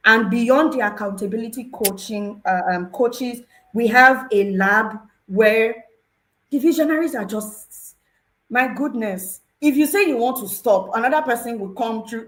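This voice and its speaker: A woman's voice: fairly high pitch, measured pace, poor audio. A woman sharing a personal testimony on a panel talk show, earnest and emotional, telling her story with feeling. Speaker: program participant sharing testimony.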